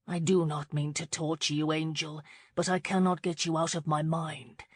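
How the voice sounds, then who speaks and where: Brooding young gentleman as a woman reads him, low-pitched, soft, insistent, slow, storybook romance, dry sound. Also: level tone, slightly rough, dry recording. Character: brooding, intense young male suitor.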